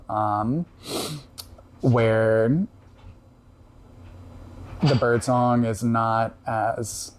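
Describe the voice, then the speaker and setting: A podcast guest with a medium-pitched voice calmly recounts a personal story in casual conversation. He's reflective and halting, pausing frequently and using lots of fillers.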